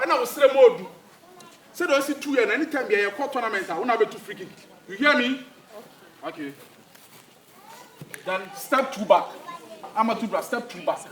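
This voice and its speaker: Bossy Ghanaian coach barking orders. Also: male voice, extremely high pitch, fairly bright tone. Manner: bossy, barking orders, mixing Twi and English. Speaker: football coach. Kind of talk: comedy skit. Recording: echoey, far from the mic, faint noise.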